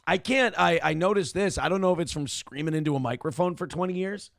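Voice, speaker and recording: A middle-aged man hosts a casual livestream talk show, reading donations aloud with loud, crude jokes and a rough voice that cannot reach high notes. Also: fast, dry recording, studio quality. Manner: loud, crude, joking, reads chat messages aloud.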